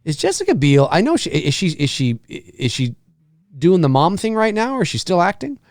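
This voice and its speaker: A man's voice: high voice, normal speed, dry recording, clean studio sound. A man hosting a casual live movie commentary, swearing as he reacts and reading viewer comments aloud. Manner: animated, profane, reads chat questions aloud. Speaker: host.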